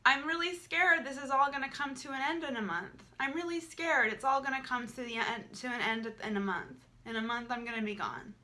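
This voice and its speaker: A woman's voice: high voice, fairly quick, hardly any pauses, sharp tone. A young woman talking candidly to camera in a vlog, emotional and repetitive, swearing freely. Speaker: vlogger.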